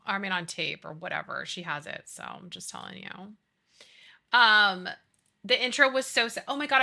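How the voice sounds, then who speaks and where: A woman's voice: mid-range voice, gravelly. A woman in her thirties streaming a life-sim game, chatting casually with her chat about childhood and movies. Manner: chatty, animated, reads chat aloud. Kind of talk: casual chat while gaming.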